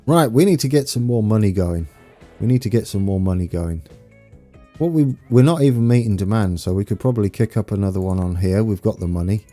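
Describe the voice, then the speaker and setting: East Anglian man, young adult, casual stream chat, self-mocking, low-pitched, dark mellow tone, faint music behind. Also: animated, fairly quick. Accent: East Anglian English. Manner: chatty, self-mocking, laughs often, reads out viewer names. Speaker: game streamer. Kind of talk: casual live-stream chat while playing.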